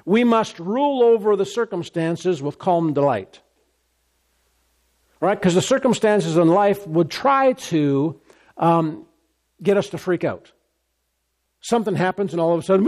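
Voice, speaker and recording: A man preaching a sermon, emphatic and repetitive, his voice rising high when he gets excited. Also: measured pace, long pauses. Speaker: pastor.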